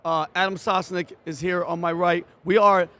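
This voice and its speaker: High-voiced, rambling New York man hosting. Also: flat delivery, moderate pace, sharp tone. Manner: loose and rambling, many fillers. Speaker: host, interviewer. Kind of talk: casual interview talk.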